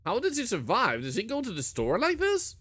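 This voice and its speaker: A man's voice: extremely high pitch, fairly quick, husky. A man streaming a horror game, reading notes aloud and joking as he plays. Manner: lively, reads notes aloud, jokes. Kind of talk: gameplay commentary.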